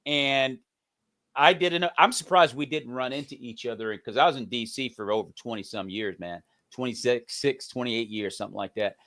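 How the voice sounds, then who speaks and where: A man, a pastor and comedian, telling lively stories as a guest in a casual interview. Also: medium pitch, moderate pace. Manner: laughing, energetic storyteller.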